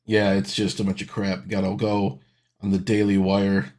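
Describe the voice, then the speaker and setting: A man's voice: low-pitched, monotone, moderate pace, darkish tone, faint music behind. A man in his thirties hosting a reaction video, with sarcastic, exasperated ranting commentary.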